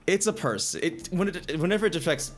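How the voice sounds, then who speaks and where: A man's voice: high voice, expressive, a little fast, a crowd in the background. A man running a tabletop game as dungeon master, explaining the rules with many restarts.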